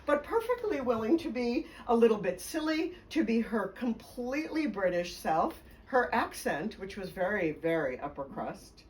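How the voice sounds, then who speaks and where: A woman's voice: a little high, sing-song, moderate pace, hardly any pauses, a little mellow, recorded from a distance, low-quality recording. A woman biographer telling stories in a conversation, speaking fluently and with emphasis. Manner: fluent, emphatic, laughs along. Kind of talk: conversational storytelling interview.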